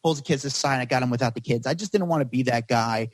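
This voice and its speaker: Man, podcast guest, rapid rambling storytelling, dry close sound. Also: medium pitch, no room sound. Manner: rapid, rambling, heavy use of "like". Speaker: paparazzo guest.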